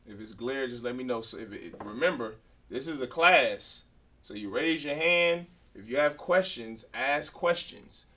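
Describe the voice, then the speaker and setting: A man's voice: medium pitch, animated, measured pace, pushed and bright, far from the mic. A man teaching a beginner language class, drilling letters aloud and then lecturing firmly.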